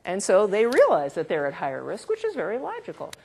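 Animated woman giving an academic lecture. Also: medium pitch, fast talker, gravelly, husky. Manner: animated, conversational, with asides and chuckles. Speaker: researcher giving a talk.

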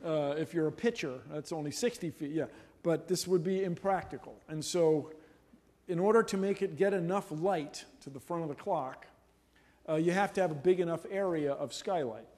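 A middle-aged man giving a humorous university lecture in a lecture hall, animated and jokey. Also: on the high side, normal speed. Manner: animated, jokey, playful voices and laughs. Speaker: guest lecturer.

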